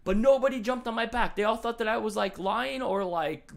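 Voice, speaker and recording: A man hosting a live game show, telling a rambling, self-mocking story in a casual, animated way and often laughing at himself. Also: sits high, moderate pace, gravelly.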